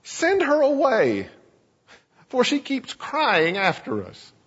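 A preacher mimicking whiny, petulant disciples. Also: male voice, extremely high pitch, huge pitch swings, unhurried, a bit bright, husky, voice pushed up, heavily acted. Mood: whining. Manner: whiny, complaining, nagging. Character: group of whining, petulant male disciples. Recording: echoey church sanctuary, dull lo-fi sound.

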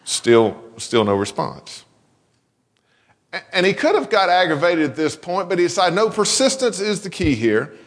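His voice sits high and sing-song at a fairly quick clip, with a big-room sound, as this pastor delivers a sermon in the church sanctuary. He's folksy and conversational, tells a joke, and frequently starts his words over.

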